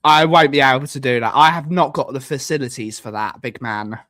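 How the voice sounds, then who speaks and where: A man's voice: medium pitch, brisk, a bit bright. A man hosting a casual live stream, rambling and joking and repeating himself as he clicks through things on screen. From United Kingdom.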